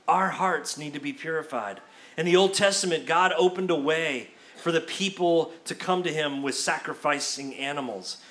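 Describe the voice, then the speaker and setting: A man preaching a sermon as pastor, in an animated, conversational way with casual asides. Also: a little high.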